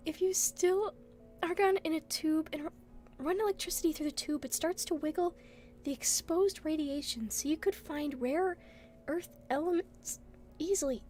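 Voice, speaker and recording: A woman's voice: high-pitched, a little slow, long pauses, darkish tone. A young woman streaming, chatting casually, giggling often and hiccuping now and then. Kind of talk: casual chat.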